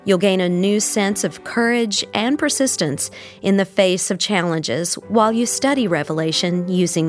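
A woman announcer reads a scripted podcast message at a middle pitch. Her delivery is smooth and warm, and faint music plays underneath.

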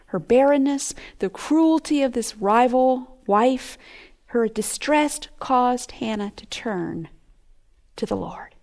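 A middle-aged woman giving earnest, expressive Bible teaching, sometimes dropping to a hush. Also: on the high side, gravelly.

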